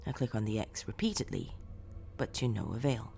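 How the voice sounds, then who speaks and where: A woman tells a first-person horror story with dramatic, expressive delivery, dropping to hushed tones and rising to shouts. Her pitch is lively and moves a lot. Soft music plays faintly under her voice. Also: normal speed, creaky.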